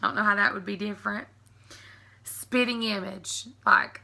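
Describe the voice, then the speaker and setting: A woman in her thirties with a strong East Tennessee Southern accent talks through a word list in a chatty vlog. Her voice is very bright and has a gravelly fry running through it, and she breaks into laughter often. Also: medium pitch, steady tone, moderate pace. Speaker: YouTube creator. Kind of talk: casual accent tag vlog.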